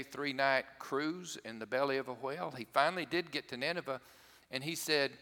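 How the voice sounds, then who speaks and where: A man's voice: mid-range voice, sharp tone. A man preaching a sermon as a pastor, in a folksy, conversational way, with asides to the congregation. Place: church sanctuary. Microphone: worship service broadcast mic. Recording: church sanctuary with long reverb.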